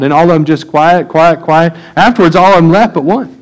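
A middle-aged man preaching a sermon, telling folksy stories and getting animated when he quotes people. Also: high voice, brisk, rough recording. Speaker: pastor. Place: church.

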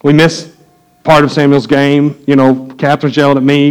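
A man preaching a sermon as pastor in a church, telling a story in low asides and rising into high, urgent preaching. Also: flat delivery, moderate pace, clear, resonant tone, poor audio. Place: church sanctuary.

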